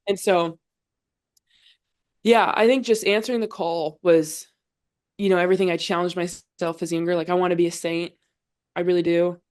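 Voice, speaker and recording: Pausing at length between thoughts, this young adult woman speaks at normal speed in a steady, slightly mellow voice on the low side. She's a podcast guest and college volleyball player who earnestly discusses her faith in casual conversation, often saying "like."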